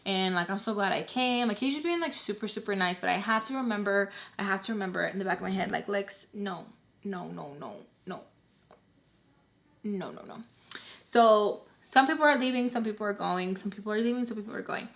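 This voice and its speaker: A woman's voice: medium pitch, fast, hardly any pauses. A young woman chatting through a storytime vlog. She talks casually, fills her sentences with "like", and acts out what everyone said along the way. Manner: chatty, heavy on "like", acts out quoted voices. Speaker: storytime vlogger.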